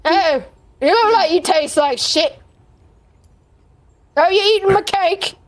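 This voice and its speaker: A woman voicing a huge, greedy female giant who loudly threatens to eat people. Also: very high-pitched, slow pace, voice pushed up. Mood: menacing. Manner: bellowing cake demands and threats to eat people.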